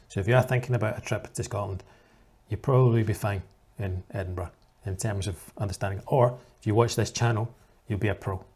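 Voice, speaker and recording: A man's voice: on the low side, a little mellow, husky. A man in the role of an English teacher, giving reaction commentary for learners in a patient, explanatory way.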